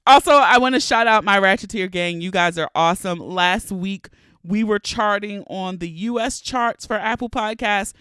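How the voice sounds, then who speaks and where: A woman in her thirties hosts her podcast in a chatty, playful monologue, laughing often. Her voice is smooth and resonant, and she sounds a little stuffy from allergies. The close-mic recording is dry, with no room sound. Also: medium pitch, normal speed, a bit bright, no echo. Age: 30s. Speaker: podcast host.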